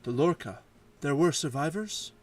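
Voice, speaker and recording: A man's voice: sits high, expressive, normal speed, a bit bright, recorded from a distance, pitched above the performer's own voice. A man voicing a proud young plainswoman warrior in a game, earnest and urgent.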